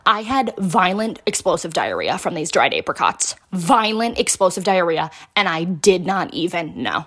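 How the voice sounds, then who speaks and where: A woman's voice: on the low side, normal speed, few pauses, husky, dry recording, clean studio sound. A young woman from Connecticut telling a funny story in a casual, dramatic way, full of filler words and swearing. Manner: animated, dramatic, heavy use of filler words; swears freely.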